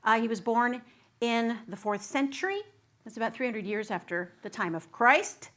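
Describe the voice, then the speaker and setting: A woman's voice: fairly high pitch, animated, normal speed, fairly bright tone. A middle-aged woman giving a Sunday sermon as guest minister, bubbly and chatty, laughing with her congregation. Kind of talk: sermon with singing and audience banter. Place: church sanctuary.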